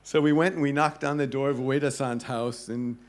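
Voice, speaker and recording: A man giving a talk to an audience, telling a travel story with lively pacing and acting out the voices of people in it. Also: medium pitch, a little fast. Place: club event hall.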